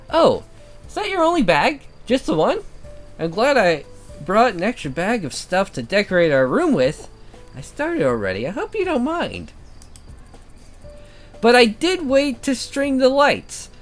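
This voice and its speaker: A woman voicing a bubbly, chatty teenage schoolgirl roommate, reading game dialogue aloud with fast, gushing delivery. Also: mid-range voice. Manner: talks fast, gushing, lively.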